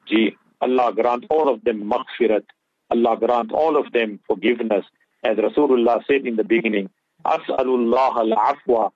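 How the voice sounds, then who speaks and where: Speaking in a mid-range voice with no echo, a man delivers fervent Islamic guidance on a radio talk show. He mixes English with Urdu and Arabic phrases, and the audio is dull lo-fi radio sound.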